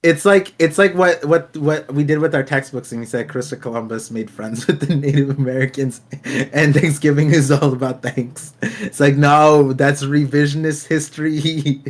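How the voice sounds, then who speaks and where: A young man co-hosting a casual podcast, animated, laughing often and trailing off quietly. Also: on the high side, moderate pace. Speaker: podcast co-host. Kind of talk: casual chat.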